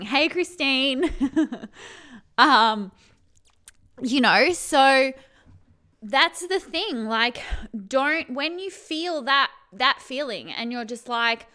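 A woman's voice: sits high, animated, slow, bright, forceful tone. A woman vlogger giving self-help advice in casual talk, swearing freely, laughing often and acting out her feelings, with lots of "right?". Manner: keeps checking in with "right?". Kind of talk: casual direct-to-camera chat.

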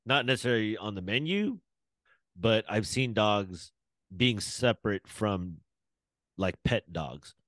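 A man's voice: fairly low pitch, lively intonation, measured pace, fairly bright tone, dry recording. A man co-hosting a podcast, trading jokes and profane banter in casual chat. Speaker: podcast co-host.

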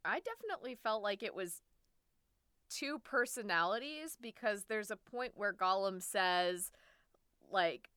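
A woman lays out her reading of a book quickly and analytically. Her voice is bright and crisp, recorded dry and close. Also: medium pitch, expressive, no echo. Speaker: book club member. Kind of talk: casual chat.

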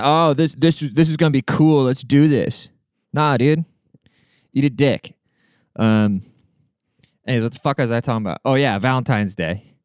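A man's voice: medium pitch, a little mellow, clean tone, no echo, clean studio sound. Brash, profane man ranting solo. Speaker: podcast host. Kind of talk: solo podcast rant.

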